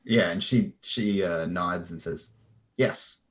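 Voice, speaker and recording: A player at a tabletop game with a very deep voice, answering quietly and plainly. His replies are short and calm. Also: measured pace. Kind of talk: casual tabletop play.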